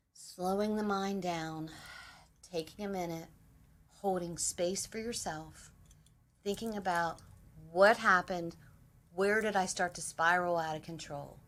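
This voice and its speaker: A middle-aged woman hosting a casual spiritual talk, animated, acting out little quoted dialogues. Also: mid-range voice. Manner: animated, quotes herself and her husband in dialogue. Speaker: spiritual host.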